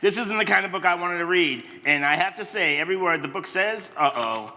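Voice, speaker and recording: Brisk and lively, with fairly high pitch and a pushed, bright tone, a man in his 50s reads a kids' book to children, poking fun at himself and letting out exaggerated silly noises. It's a large church sanctuary, so the sound echoes, and there's faint background noise.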